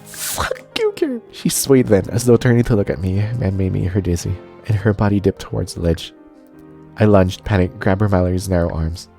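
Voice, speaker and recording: Low, mellow-toned male streamer narrating a game, soft music bed. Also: brisk, gravelly. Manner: steady narration, cursing asides. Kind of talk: reading a visual novel aloud.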